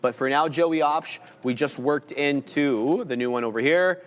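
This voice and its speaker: A man's voice: on the high side, unhurried. A man co-hosting a live day trading stream, casually laying out his trade plan step by step.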